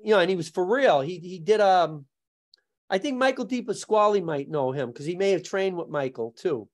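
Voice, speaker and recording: High-voiced man telling animated stories. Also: normal speed. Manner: animated, laughs often, acts out other people's lines. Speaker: podcast guest. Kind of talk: casual storytelling.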